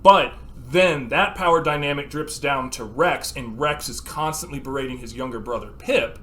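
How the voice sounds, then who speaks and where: A man co-hosting a casual podcast, telling stories with lots of swearing and acting out scenes with sudden shouts. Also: mid-range voice, normal speed. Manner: animated storyteller, acts out scenes with sudden shouts; swears freely. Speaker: podcast co-host. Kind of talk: casual chat.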